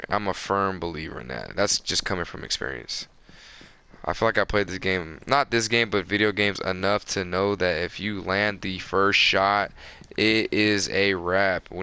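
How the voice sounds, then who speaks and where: Gravelly, bright-voiced hyped gamer man. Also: low-pitched, dry recording. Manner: excitable, boastful, hyped bursts and breathy asides to viewers. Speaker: gaming video creator. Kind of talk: live gameplay commentary. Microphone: close desk microphone.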